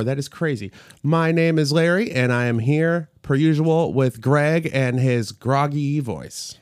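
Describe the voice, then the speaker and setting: A man's voice: a little high, unhurried, darkish tone, no room sound, studio quality, soft background music. A man co-hosting a food podcast in casual, joking chat. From Northwest Indiana. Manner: upbeat, joking. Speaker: podcast co-host.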